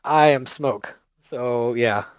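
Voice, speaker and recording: A man's voice: medium pitch, slow pace, smooth, no room sound. A man playing in a tabletop game, given to dry, wry remarks. His voice comes through a dull, lo-fi mic in a dead, dry space. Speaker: player.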